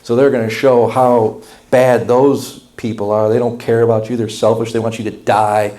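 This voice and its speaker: A pastor preaching a sermon in a blunt, folksy, impassioned way. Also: male voice, mid-range voice, flat delivery, moderate pace, warm tone.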